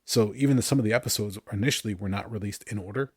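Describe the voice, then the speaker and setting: A man with a fairly low voice talks casually on a podcast, telling lively stories and often laughing. The sound is dry and close, with no room echo. He is in his thirties. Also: racing, slightly rough. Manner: animated storytelling, laughs often. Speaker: podcast co-host.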